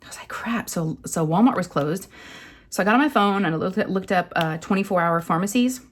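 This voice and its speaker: A woman, rambling and animated as she tells a story to camera. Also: fairly low pitch, a little fast, a little hiss or hum. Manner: chatty, rambling, animated retelling with acted quotes. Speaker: craft channel host.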